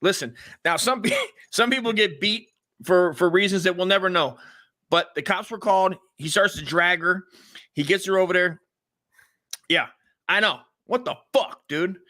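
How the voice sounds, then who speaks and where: A bright, high-pitched man spins a rambling comedy-podcast story, stumbling and restarting as he goes. He jumps into quoted voices along the way. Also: moderate pace, long pauses. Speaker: podcast co-host.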